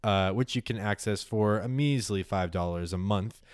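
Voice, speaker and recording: A man hosting a tabletop role-play podcast as game master, narrating in a relaxed, matter-of-fact way with fillers. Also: fairly low pitch, moderate pace, smooth, dry recording, studio quality.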